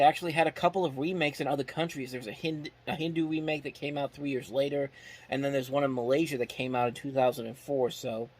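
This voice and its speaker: Frank, rambling male film reviewer. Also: a little high. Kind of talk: casual spoken movie review.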